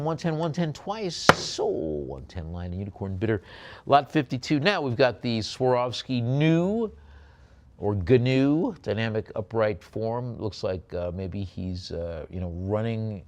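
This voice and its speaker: A man working as an auctioneer, calling bids in a quick rhythmic patter and slipping into relaxed, joking asides about each lot. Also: lowish voice. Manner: rapid bid calls mixed with chatty asides and quips.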